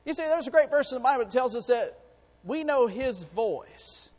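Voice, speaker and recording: Man, pastor, sermon, very high-pitched voice, excitable, shifts from soft asides to loud exclaiming, long church-hall reverb. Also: normal speed. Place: church sanctuary.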